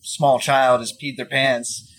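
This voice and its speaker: A man's voice: mid-range voice, little pitch movement, slow, a bit bright. A man co-hosting a casual podcast, talking reflectively and acting out quoted viewpoints. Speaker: podcast co-host. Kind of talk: casual chat.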